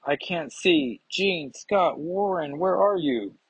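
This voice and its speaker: A man's voice: mid-range voice, unhurried, breathy edge, no room sound. A man reading out a confident young male superhero's lines in a near-plain voice. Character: cocky young male ice hero. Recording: dull lo-fi sound.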